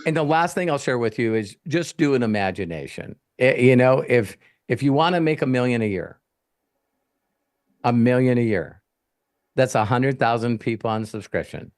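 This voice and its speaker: Male coach, middle pitch, blunt and profane, animated storyteller. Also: normal speed. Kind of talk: live Q&A coaching talk.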